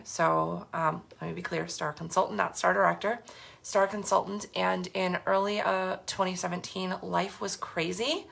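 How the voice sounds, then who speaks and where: A woman in her thirties talks straight to the camera in a candid, earnest way, her fairly low voice carrying plenty of vocal fry. The tone stays bright and forward even as she loosens into fillers and restarts. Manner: earnest, frank, conversational with frequent fillers. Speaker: direct sales team leader. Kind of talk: candid personal talk to camera.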